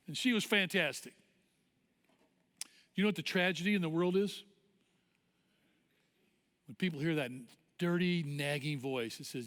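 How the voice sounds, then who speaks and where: A male pastor with a high voice delivers his sermon like an animated story told to friends. His words linger in the long reverb of a church auditorium. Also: fairly quick, long pauses.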